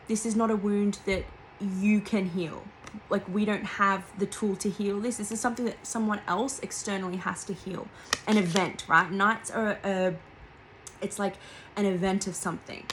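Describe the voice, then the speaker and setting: A woman's voice: mid-range voice, fairly bright tone, slight background noise, poor audio. A woman in her twenties giving a casual, rambling tarot reading from home, heartfelt and full of restarts and fillers. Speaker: tarot reader.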